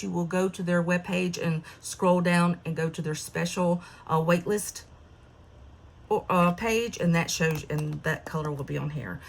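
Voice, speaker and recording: A woman's voice: fairly low pitch, gravelly. Breathless, gushing woman planner vlogger. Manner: chatty and enthusiastic, gushing over details. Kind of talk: casual chat.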